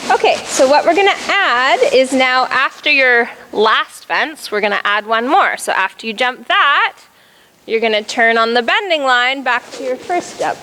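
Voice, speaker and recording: A woman's voice: sits high, expressive, moderate pace, bright, forceful tone, a little hiss or hum, low-quality recording. A woman riding instructor coaching a jumping lesson, calling out cues and explaining in an encouraging, instructive way.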